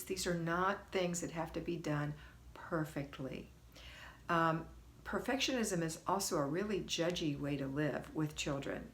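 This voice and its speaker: A middle-aged woman hosting a homemaking livestream, greeting viewers by name and coaching in a chatty, folksy, encouraging way. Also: sits low. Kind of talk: casual live coaching talk.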